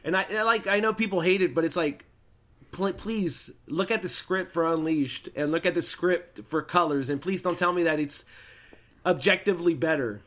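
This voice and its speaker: A man's voice: fairly high pitch, normal speed, fairly bright tone. A man hosting a podcast, chatting casually and animatedly, with laughs and stumbling restarts. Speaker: podcast host. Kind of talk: casual chat.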